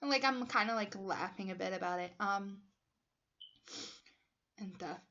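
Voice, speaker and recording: A woman's voice: medium pitch, unhurried, sharp tone, lo-fi sound. Chatty young woman recapping a movie, stuffy. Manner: chatty, filler-heavy, emotional, laughs often. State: stuffy from allergies. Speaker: movie reviewer. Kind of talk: casual retelling of a movie.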